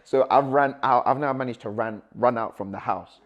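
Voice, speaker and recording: A young man telling a personal story as a guest, animated and acting out the dialogue, with nervous laughs. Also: medium pitch, moderate pace, dull audio.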